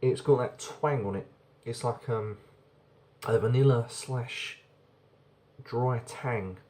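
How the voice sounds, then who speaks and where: A man's voice: medium pitch, slow, a little mellow. A man casually reviewing a beer on camera, chatty and rambling, often repeating words as he goes.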